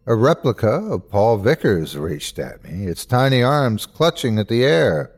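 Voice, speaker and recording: A male host narrating a horror story in a measured voice that builds suspense. He speaks slowly and lets his pitch rise and fall widely. His reading is dramatic throughout. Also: sing-song, slightly rough.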